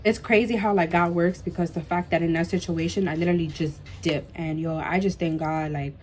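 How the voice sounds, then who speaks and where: A young woman vlogger telling a storytime tale in an animated way, full of "like" and "bro" and emphatic repeats. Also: lowish voice, brisk, slight background noise. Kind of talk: storytime vlog.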